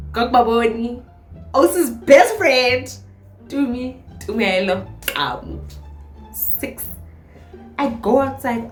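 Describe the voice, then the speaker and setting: A South African woman telling a personal story on her vlog, lively and acting out what others said. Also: a little high, reverberant. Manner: animated storyteller who acts out quoted lines. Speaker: vlogger.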